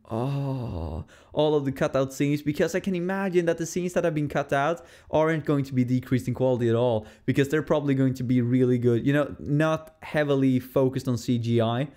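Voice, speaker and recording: A man's voice: mid-range voice, warm tone. A man hosting a casual solo podcast film review, rambling, correcting himself and laughing often. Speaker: podcast host.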